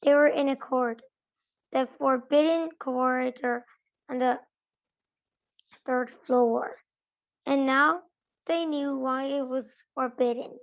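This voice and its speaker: Woman reader, slow, careful read-aloud for a book club. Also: high voice, poor audio. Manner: careful, steady read-aloud with small self-corrections. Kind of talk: reading a novel aloud.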